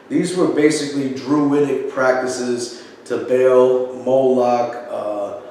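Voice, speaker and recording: A man's voice: medium pitch, a little mellow. A man giving an informal religious talk, rambling and emphatic, often stopping to fire rhetorical questions at his viewers. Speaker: Christian video preacher. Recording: very echoey room, distant mic, faint background hiss.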